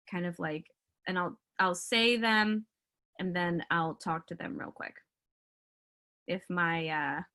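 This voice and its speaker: A woman leading a casual sales training call over a video meeting, chatty and full of fillers. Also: medium pitch. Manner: chatty, filler-heavy, animated.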